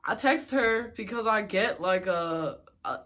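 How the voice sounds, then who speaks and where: A woman's voice: medium pitch, lively intonation, measured pace, a bit bright, a little hiss or hum. Young adult woman, vlogger telling a story; exasperated, sarcastic, casual.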